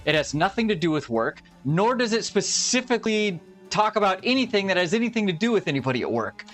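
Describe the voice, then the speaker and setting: A man's voice: high voice, fast. Young guy streaming, swearing a lot, ranting about his week, bit of music under it. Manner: profane, ranting, animated storytelling. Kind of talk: casual chat.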